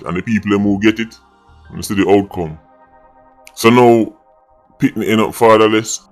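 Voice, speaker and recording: A Jamaican man delivers a blunt, scolding commentary monologue in patois-tinged speech. His voice sits a little higher than most men's. Faint music plays underneath. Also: a bit bright. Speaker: vlog host.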